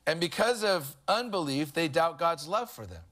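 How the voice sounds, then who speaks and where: A man delivers a sermon in a relaxed, talkative way. His voice sits a little high, and he drifts into humorous everyday stories as he preaches. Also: moderate pace. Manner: conversational preaching with humorous anecdotes. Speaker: pastor.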